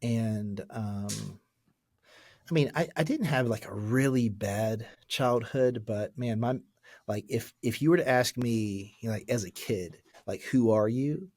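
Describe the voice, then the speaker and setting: A man in his forties, a pastor and podcast guest, telling his personal story in an earnest, halting way with many fillers and restarts. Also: on the low side, a little mellow, no room sound, clean studio sound. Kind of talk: candid personal testimony in a podcast interview.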